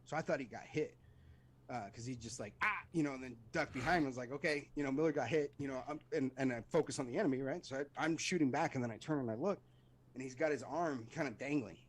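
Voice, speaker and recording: A middle-aged Army veteran, a guest on a podcast, tells stories in a casual interview and animatedly acts out voices and sounds. His voice is medium-pitched and quick.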